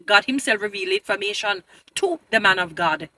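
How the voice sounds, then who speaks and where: A woman's voice: medium pitch, expressive, brisk, bright, forceful tone. A woman giving an emphatic, pleading opinion commentary to her viewers, often turning preachy. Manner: addresses viewers as "beautiful people". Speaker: vlogger.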